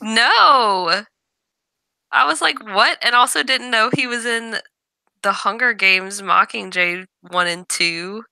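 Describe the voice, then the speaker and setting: Bright, crisp-voiced chatty woman. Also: on the high side, dry recording. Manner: chatty, quick to voice her opinions. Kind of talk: casual chat.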